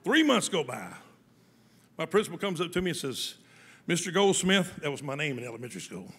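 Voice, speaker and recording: A man telling a humorous story to an audience, folksy and lively, often laughing as he goes. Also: on the high side, quick pace, slightly rough, in a large hall.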